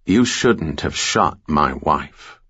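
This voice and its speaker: A man reading an audiobook who voices a calm, sardonic male hero in a low, dry, deadpan delivery. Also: slow pace, breathy edge, dull audio, full character voice. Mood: cold.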